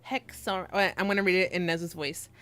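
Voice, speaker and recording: A woman's voice: fairly low pitch, steady tone, quick pace, fairly bright tone. A young woman streamer chatting casually with her viewers, teasing and giggling as she reads the chat aloud.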